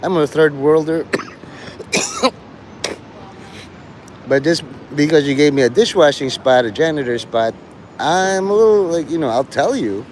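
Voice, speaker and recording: A man's voice: fairly high pitch, animated, measured pace, long pauses, a little mellow, a little hiss or hum, rough recording. A man rambling through a profane live-stream monologue, jumping from topic to topic. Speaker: livestreamer.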